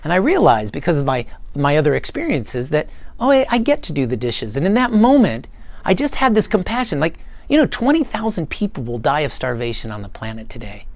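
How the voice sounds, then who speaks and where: Here the same kind of earnest, animated motivational talk comes from a middle-aged man performing short quotes for a live crowd. He sits on the high side and moves a little fast, recorded dry with no room sound.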